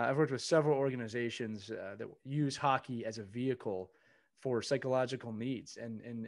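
A man hosting a relaxed podcast chat, speaking at an ordinary middle pitch. He jokes with his guest, then turns earnest and encouraging, his talk loose and full of fillers. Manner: teasing, encouraging, filler-heavy. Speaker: podcast host.

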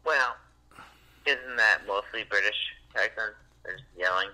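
A man in his thirties trades dry wisecracks as a podcast co-host. His voice sits low but has a sharp, forceful brightness, and he talks in a loose, casual way. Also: measured pace, poor audio. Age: 30s. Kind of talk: casual chat.

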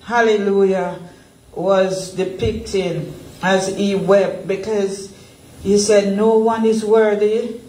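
Leading a Bible study sermon in a church worship center, a woman pastor talks slowly in a warm, steady, medium-pitched voice. Her manner is earnest and emotional, with frequent laughter, captured in an echoey church room.

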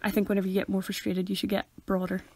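Here a young woman from Northern Ireland, with the accent to match, jokes around as a podcast co-host in relaxed, quick-fire chat. Her medium-pitched voice is completely flat and creaky, slightly mellow, with a breathy edge.

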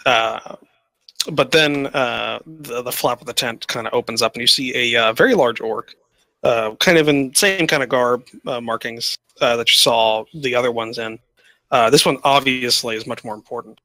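A man's voice: medium pitch, moderate pace, bright, forceful tone, no echo, poor audio. A man running a tabletop game as game master, narrating with frequent hesitations and fillers.

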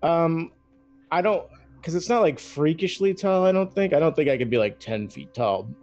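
A man's voice: on the high side, expressive, normal speed, a little mellow. A man playing a tabletop game, chatting casually and rambling hesitantly. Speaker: player. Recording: dull lo-fi sound with faint music.

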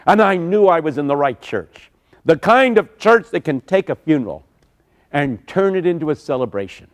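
An older man preaching a sermon, telling stories dramatically with sudden shouts. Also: a little high, very animated, moderate pace. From United States.

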